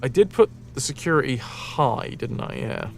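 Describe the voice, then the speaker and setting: A man with a northern English, Yorkshire accent streams a game, chatting casually, thinking out loud and replying to his chat. His mid-range voice is expressive and moves at a moderate pace.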